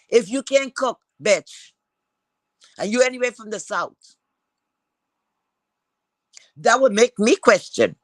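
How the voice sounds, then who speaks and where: A woman's voice: mid-range voice, lively intonation, unhurried, pauses often, fairly bright tone, dry recording. A woman gives a heated commentary rant. She is blunt, swears freely and keeps asking rhetorical questions.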